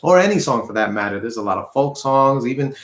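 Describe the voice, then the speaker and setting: A man's voice: mid-range voice, expressive, fast. Male guitar teacher, mid-range voice, patient and repetitive, in an echoey room. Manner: patient, repeats himself, counts beats aloud. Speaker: music teacher. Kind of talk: online guitar lesson. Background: guitar playing.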